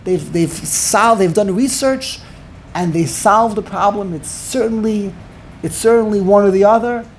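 A woman's voice: medium pitch, measured pace, darkish tone, slight background noise. A woman teaching a Torah class, emphatic and digressive, peppering her speech with Yiddish and Hebrew terms. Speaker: Talmud teacher.

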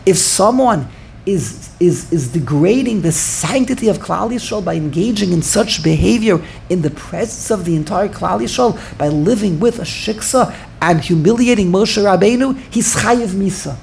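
A man giving an informal Torah class, thinking out loud and repeating phrases for emphasis while answering students. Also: sits high, expressive, moderate pace, gravelly, slight background noise. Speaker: Torah teacher.

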